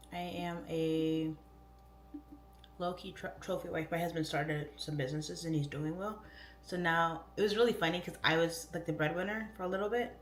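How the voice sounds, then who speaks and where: A woman's voice: lowish voice, fairly bright tone, roomy sound, slight background noise. A woman in her thirties chatting casually on a livestream, reading comments aloud, goofy and easily distracted. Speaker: livestream host and real estate agent. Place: home.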